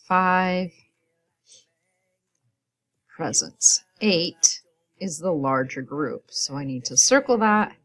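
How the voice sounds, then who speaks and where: A woman teacher giving patient, step-by-step morning work instructions to young children, counting aloud as she goes. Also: sits low. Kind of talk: recorded classroom instructions.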